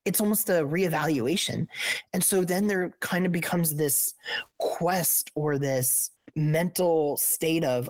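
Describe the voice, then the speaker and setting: A woman's voice: low-pitched, slow pace, darkish tone, dry recording. A woman in her thirties co-hosting a podcast, talking in a thoughtful, reflective way, often restarting sentences and asking questions. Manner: thoughtful, asks many questions; frequent restarts, searching for words. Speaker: podcast co-host.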